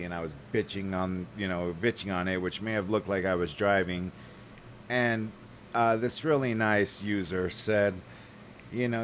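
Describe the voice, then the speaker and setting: A man's voice: low voice, slight background noise. A man telling a rambling, heated story to camera, swearing freely and full of fillers. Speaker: vlogger. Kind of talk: casual rant to camera.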